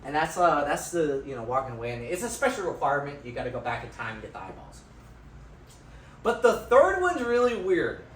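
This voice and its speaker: An excited young man gives a loose, swear-filled lecture, his pitch bouncing all over as he keeps checking in with "right?". He is caught on a phone from far back in an echoey room, with faint music underneath. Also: fairly quick, a little hiss or hum. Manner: excited, swears constantly, tags lines with "right?". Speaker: student presenter. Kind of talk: informal lecture. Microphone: phone from afar.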